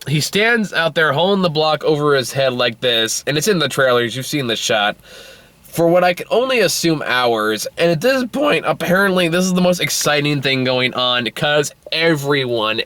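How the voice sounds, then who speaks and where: A man ranting through a casual movie review, exasperated and profane, often jumping into high, incredulous outbursts. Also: animated, moderate pace, sharp tone, dry recording.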